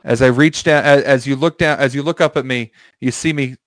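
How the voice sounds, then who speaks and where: A man's voice: medium pitch, fairly even intonation, a little fast, dry recording. A young man telling an improvised comic story to friends, rambling, playful and laughing often. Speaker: podcast co-host telling a story. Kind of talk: casual comedic chat, improvised storytelling.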